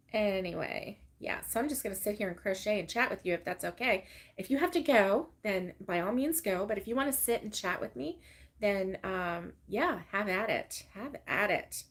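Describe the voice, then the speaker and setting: An older woman chats casually with live viewers, telling stories full of fillers and small laughs. Her voice sits a little high. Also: fairly bright tone. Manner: chatty storyteller, rambling with fillers and laughs. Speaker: crochet livestream host.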